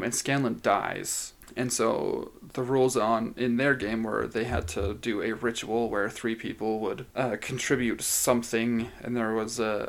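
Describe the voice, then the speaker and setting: A man's voice: medium pitch, vocal fry. A man co-hosting a podcast in casual chat, telling stories in a chatty way with lots of "like". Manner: chatty storyteller, says "like" often. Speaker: podcast co-host.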